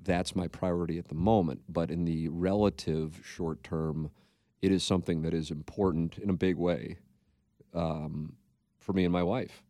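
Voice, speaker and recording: A man's voice: sits low, steady tone, normal speed, mellow, no room sound, clean studio sound. A man co-hosting a podcast, talking in a rambling, candid way and swearing freely. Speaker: podcast co-host. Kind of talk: casual podcast chat.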